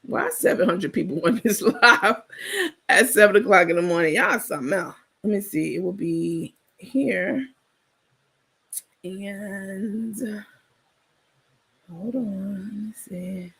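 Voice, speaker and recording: A woman chats casually on her livestream in a gravelly, breathy voice. She talks bluntly and sassily, swears freely, and breaks into laughter often. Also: medium pitch, takes it slowly, pauses often, a bit bright. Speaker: livestream host.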